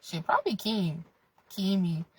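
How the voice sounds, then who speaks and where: A woman's voice: mid-range voice, unhurried, slight background noise, poor audio. A young woman vlogger giving a blunt, profane motivational rant in casual chat. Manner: profane, blunt, animated with bursts of laughter.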